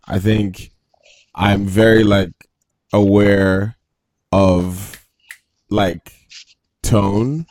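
A man co-hosting a casual chat, talking in a measured, reflective way. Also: lowish voice, steady tone, a little mellow.

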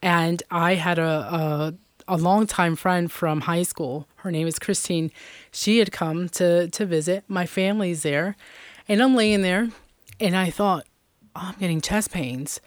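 Middle-aged woman, interview guest, earnest testimony, lowish voice, dry. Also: fairly even intonation, measured pace, no echo. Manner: earnest, many fillers like "you know" and "um".

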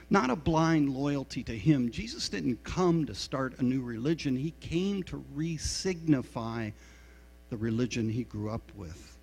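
Slow, gravelly male pastor in a reverberant hall. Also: medium pitch, animated, darkish tone. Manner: confessional, self-deprecating storytelling. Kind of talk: sermon. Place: church sanctuary. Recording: reverberant hall with mains hum.

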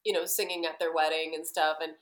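A woman's voice: low-pitched, level tone, fast, roomy sound. A woman answering an interviewer's question casually, hesitant and full of "you know" fillers. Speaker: guest, singer.

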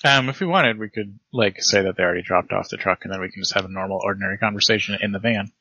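A man's voice: fairly low pitch, quick pace, muffled recording. A man playing a tabletop role-playing game, chatting casually and narrating his character's actions with rambling asides. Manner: relaxed, rambling, trails off. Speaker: tabletop player.

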